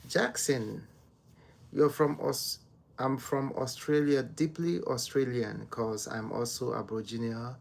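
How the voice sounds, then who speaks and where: Slow, soft-spoken man chatting on a livestream. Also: mid-range voice, gravelly. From Nigeria. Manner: soft-spoken, slow and unhurried, greets viewers by name. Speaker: livestream host. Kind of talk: casual live-stream chat with viewers. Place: home.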